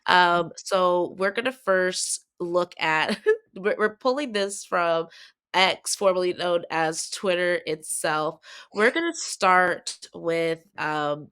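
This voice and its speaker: Bright-voiced woman hosting a chatty recap. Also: lowish voice, smooth. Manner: animated, quick restarts and repeated words. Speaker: podcast host. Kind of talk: casual recap chat.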